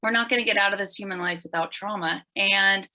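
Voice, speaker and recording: Bright-voiced woman telling her story. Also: medium pitch, a little fast, rough recording. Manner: animated, emphatic storyteller. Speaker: podcast guest. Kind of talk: storytelling in an interview.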